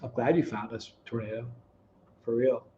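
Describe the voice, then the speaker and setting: A middle-aged man hosting a live stream, reading chat comments aloud, teasing viewers by name and telling stories in a relaxed, chatty way. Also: mid-range voice, moderate pace, lo-fi sound, a little hiss or hum. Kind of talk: casual chat.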